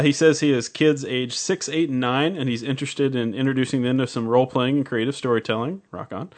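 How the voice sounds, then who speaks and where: A man co-hosting a casual podcast, reading listener emails aloud with stammering restarts. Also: mid-range voice. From United States. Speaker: podcast co-host.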